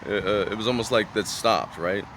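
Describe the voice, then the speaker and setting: A man's voice: fairly low pitch, moderate pace, a bit bright, slight background noise. A man vlogging in a casual, rambling way, full of fillers and "right?" tags, earnest and reflective.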